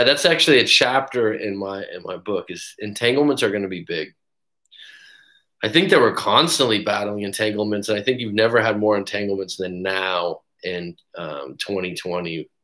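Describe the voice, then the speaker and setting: A man working as a breakup coach, talking casually on a live stream and acting out quotes as he tells stories. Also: on the low side. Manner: casual, animated storytelling with acted quotes. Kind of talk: live-stream book review talk.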